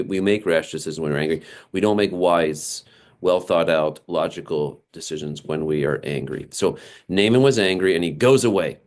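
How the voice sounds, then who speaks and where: A man preaching a sermon, animated and acting out the people he quotes, with frequent small laughs. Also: sits low. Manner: animated, acts out quoted characters, laughs often. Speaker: pastor.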